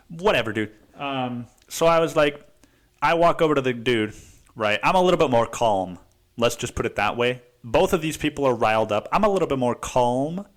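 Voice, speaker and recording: A man's voice: medium pitch, a bit bright. A man hosting a podcast, telling a story in a rambling, profane way and saying "dude" constantly. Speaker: podcast host. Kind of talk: casual storytelling monologue.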